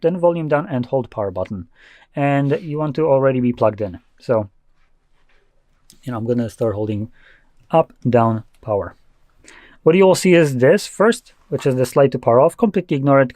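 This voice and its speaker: A young man walks through a tech tutorial in a loose, offhand way, tossing in blunt asides. His voice sits in a middle pitch. The sound is dry and close, with no room around it. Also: darkish tone, dry recording. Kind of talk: casual screen-recorded tutorial.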